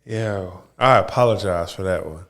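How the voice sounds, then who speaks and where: A man co-hosting a podcast in casual chat, easygoing and quick to laugh. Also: sits low, a bit bright. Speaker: podcast co-host.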